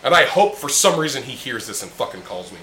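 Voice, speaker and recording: A man hosting a casual podcast talks quickly in a mid-range, very animated voice with a sharp edge. Drinking beers with friends in a room, he's blunt, heated, and heavily profane. The recording sounds roomy and echoey, with a faint hum behind it.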